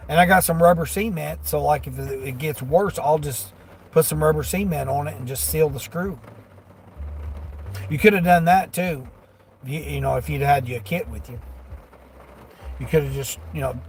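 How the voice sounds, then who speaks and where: A delivery driver with a slightly high voice speaks at a normal speed while livestreaming to his chat from inside his vehicle. There's a little hiss or hum as he rambles in a homespun way, chuckling often.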